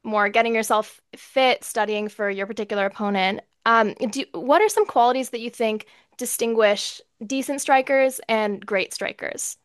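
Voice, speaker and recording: A woman hosting an interview, reacting warmly and asking questions with hesitant fillers. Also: fairly high pitch, fairly even intonation, moderate pace, hardly any pauses, clear, resonant tone, no room sound, studio quality. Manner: friendly and enthusiastic, with hesitant fillers. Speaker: interview host.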